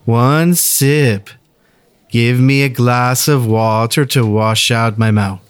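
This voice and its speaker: A man doing a slow mock Welsh whiskey taster. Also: medium pitch, fairly even intonation, clean tone, no room sound, close to an everyday voice. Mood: drawling. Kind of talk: comic whiskey tasting bit.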